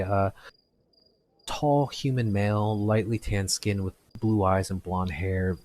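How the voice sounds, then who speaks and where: A man acting as game master, narrating a tabletop game in a halting way with many fillers. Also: low-pitched, slight background noise.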